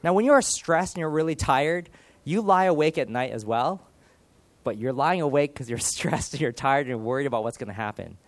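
A man's voice: medium pitch, brisk, dry recording. Earnest preaching man, dry close sound. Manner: earnest, animated, with dramatic shifts in loudness. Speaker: pastor. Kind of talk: sermon.

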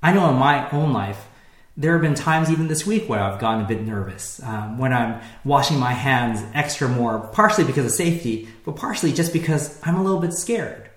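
A man preaching a sermon in a relaxed, conversational way, with frequent fillers and restarts. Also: medium pitch, fairly quick, reverberant. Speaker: pastor.

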